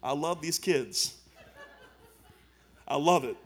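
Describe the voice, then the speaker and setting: A man preaches a sermon, his voice sitting high for a man. He talks in plain, colloquial phrases and builds his points with emphatic repetition. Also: lively intonation, slow. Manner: preaching with rising emphasis and Southern colloquial speech. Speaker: pastor.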